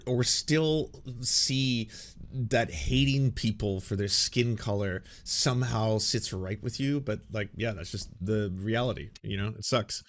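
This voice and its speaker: A man giving casual, rambling live-stream commentary, talking loosely and swearing often. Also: mid-range voice. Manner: animated, rambling, frequent swearing. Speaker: streamer reacting to a video.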